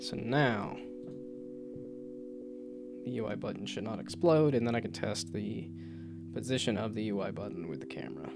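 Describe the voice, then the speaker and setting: Male streamer-developer, gravelly voice, casual think-aloud chat at a clicky desk mic, guitar music bed. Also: lowish voice, animated, moderate pace, pauses often. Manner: thinks aloud, muttering to himself, playful asides. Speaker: VTuber game developer streaming. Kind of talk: casual live-stream chat while coding. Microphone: desk microphone with loud keyboard clicks. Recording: music playing under a live stream.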